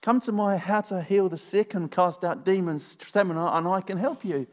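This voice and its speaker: A man's voice: high voice, normal speed, pitched above the performer's own voice, lightly acted. A man mimicking a patronizing faith-healing seminar leader. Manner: breezy, condescending.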